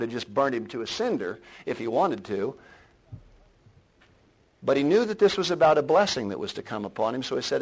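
A man preaching a sermon, swelling to loud emphatic lines and then dropping to a low, quiet delivery. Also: big pitch swings, moderate pace, poor audio. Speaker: pastor.

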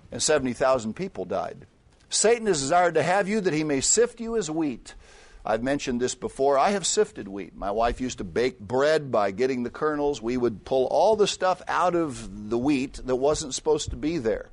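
Older male preacher, storytelling sermon voice, very animated melody, mid pitch. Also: moderate pace. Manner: storytelling, swings from low asides to loud emphatic peaks.

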